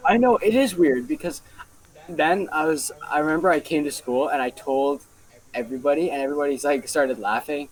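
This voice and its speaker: A man's voice: a little high, a little fast, poor audio. A young man casually telling a story on a podcast, rambling and full of fillers. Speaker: podcast co-host.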